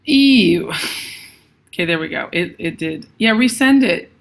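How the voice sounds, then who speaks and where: A woman's voice: fairly low pitch, lively intonation, a little slow, vocal fry. A woman hosting a casual livestream while she paints, thinking aloud and greeting viewers by name. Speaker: livestream host.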